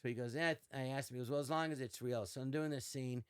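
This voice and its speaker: An older man, a podcast guest, telling animated anecdotes in casual chat and slipping into quoted voices. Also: mid-range voice, fast talker, clear, resonant tone. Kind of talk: casual storytelling.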